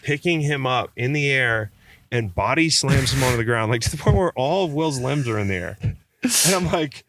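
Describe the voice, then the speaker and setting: Brief: man guest, casual swearing storyteller, mid-pitched, acts out voices. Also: normal speed. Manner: animated, swearing, acts out quotes. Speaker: podcast guest.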